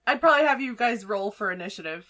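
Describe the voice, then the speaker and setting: A woman narrating as game master for a tabletop game, chatty and quick to laugh. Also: mid-range voice, animated, bright, forceful tone. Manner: laughs often, chatty with fillers.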